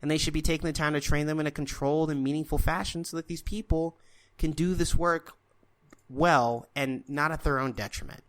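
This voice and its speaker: A man's voice: on the high side, fairly even intonation, brisk. A man co-hosting a podcast, talking casually and at length with strong opinions and many fillers. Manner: opinionated, rambling, filler-heavy. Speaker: podcast co-host. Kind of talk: casual chat.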